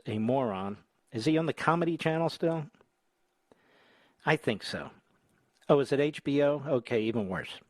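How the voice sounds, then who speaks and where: A man in his sixties with an American accent hosts a combative talk radio show, his medium-pitched voice captured dry on a studio microphone. He's sarcastic and mocking, working himself up into angry rants.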